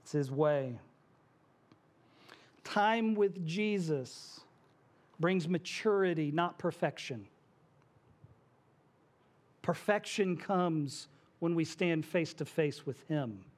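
A man's voice: on the high side, expressive, slow pace, pauses often. A male pastor preaching a sermon to his congregation in a church, conversational, with asides and small jokes. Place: church sanctuary.

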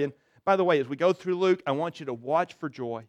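A man's voice: on the high side, brisk, few pauses, no room sound. A male pastor giving a conversational sermon, often acting out quotes and repeating words.

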